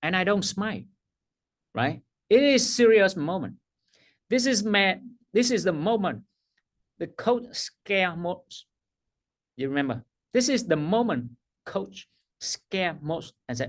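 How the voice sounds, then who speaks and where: Slow, emphatic male coaching trainer. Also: high voice, sing-song. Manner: emphatic, repeats key phrases, laughs at himself. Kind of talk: workshop teaching.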